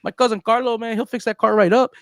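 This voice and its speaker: A man's voice: very high voice, steady tone, quick pace, dry recording. A male radio host voicing a brash, cocky Mexican Navy captain with a Mexican accent, bragging in swaggering slang. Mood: boastful. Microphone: studio microphone.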